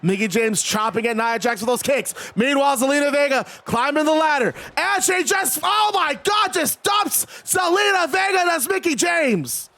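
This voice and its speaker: A man with a high, cracking voice calls wrestling game action play-by-play from his streaming desk. He is excitable and chatty, and he keeps breaking off to talk to his live chat. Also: moderate pace, hardly any pauses. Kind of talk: play-by-play commentary.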